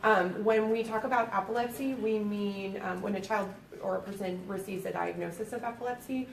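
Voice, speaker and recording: A woman's voice: medium pitch, fairly even intonation, fairly quick, gravelly. A woman from Boston with a Boston accent, a nurse giving a friendly educational presentation with frequent fillers. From Boston, USA. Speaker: pediatric epilepsy nurse presenter. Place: library meeting room. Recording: echoey room, distant mic, faint noise.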